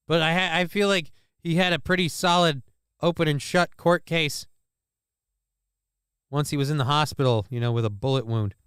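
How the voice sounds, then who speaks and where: Sarcastic rambling man with a smooth voice. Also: a little high, moderate pace, a bit bright, no room sound, studio quality. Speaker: streamer reacting to videos. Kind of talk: casual reaction commentary.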